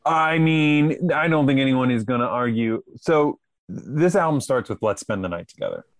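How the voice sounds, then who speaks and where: A man who is a guest actor on a podcast, speaking in a mid-range voice. He chats casually and drops wry, deadpan quips. The recording is close and dry. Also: mid-range voice, normal speed, no echo. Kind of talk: casual chat.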